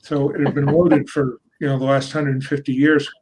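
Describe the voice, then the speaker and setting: A man, a writer at a reading event, telling a relaxed family anecdote. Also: mid-range voice, a little fast, slight background noise, rough recording.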